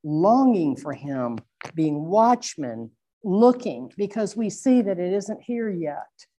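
A middle-aged woman preaching a sermon, earnest and reflective, slowing down to stress her points. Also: fairly low pitch, very animated, dark tone. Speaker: Bible teacher.

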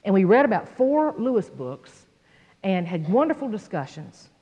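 Animated woman teaching in echoey hall. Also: mid-range voice, normal speed, breathy edge. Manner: animated storyteller, acts out quoted voices. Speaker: Bible teacher. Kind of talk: sermon with personal story. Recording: dull sound in a hall with long echo.

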